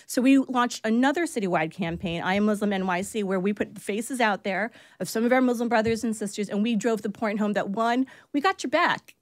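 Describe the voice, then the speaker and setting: A woman's voice: mid-range voice, a little fast, hardly any pauses, dry recording. A woman who is a city human rights commissioner, a guest on a radio show, speaking in a passionate, rallying way into a studio microphone. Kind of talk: radio interview.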